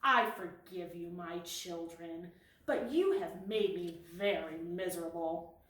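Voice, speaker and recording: Woman doing a mournful mother cat. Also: slow. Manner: low, soft and mournful. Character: sorrowful mother cat, gentle and reproachful. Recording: roomy, distant recording.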